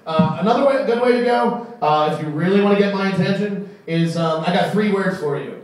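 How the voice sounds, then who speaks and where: A man doing a stand-up comedy set on a club stage, deadpan and halting, with many fillers. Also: high voice. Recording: echoey room, far from the mic, faint crowd noise.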